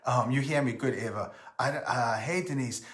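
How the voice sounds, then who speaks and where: A man's voice: mid-range voice, normal speed, fairly bright tone, echoey room. Rambling man hosting a live stream. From Rhode Island. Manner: rambling, greets viewers by name mid-sentence. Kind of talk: casual live stream chat.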